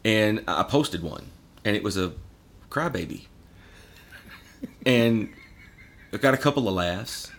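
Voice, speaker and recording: Slow and creaky, with frequent pauses, a man with a lowish voice chats casually as a podcast guest. His stories are animated, full of swearing and performed quotes.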